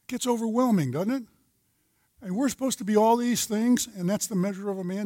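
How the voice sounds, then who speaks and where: High-voiced older man teaching a men's Bible study. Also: fairly quick, dark tone, no room sound. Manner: storytelling, folksy, with scripture references. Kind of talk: sermon-style teaching.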